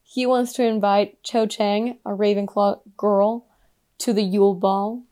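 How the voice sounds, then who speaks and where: A woman's voice: mid-range voice, steady tone, measured pace, dark tone. A young woman co-hosting a podcast, chatting casually and telling a story with plenty of laughter. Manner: playful, giggly storyteller. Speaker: podcast co-host. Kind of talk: casual chat.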